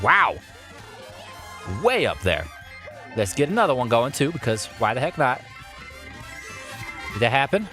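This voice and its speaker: Playful, excitable man streaming a racing game. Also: mid-range voice. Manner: playful, excitable, chatty with viewers. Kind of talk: live gameplay commentary.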